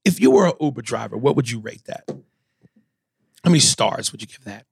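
A man co-hosting a comedy podcast in casual chat, animated and profane, often stammering as he restarts. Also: mid-range voice, normal speed, gravelly, slight background noise. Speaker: podcast co-host.

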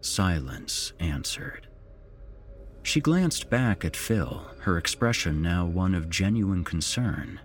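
A man hosting a podcast, reading a horror story aloud in an expressive, measured storytelling manner. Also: deep voice, slightly rough, faint music behind. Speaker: podcast host and narrator. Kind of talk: scripted horror story narration.

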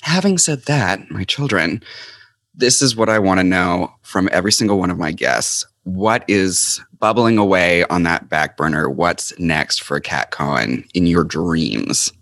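A man's voice: sits low, a little slow, a bit bright, dry recording, clean studio sound. A man hosting a podcast, chatting playfully and effusively with guests and laughing easily. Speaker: podcast host. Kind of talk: casual interview chat.

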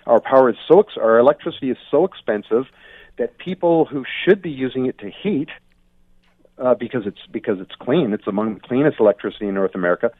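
A man's voice: mid-range voice, lively intonation, fast talker, dry recording. A man from Ontario giving blunt, opinionated commentary over the phone, often restarting his sentences. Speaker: guest commentator. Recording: tinny dry phone line.

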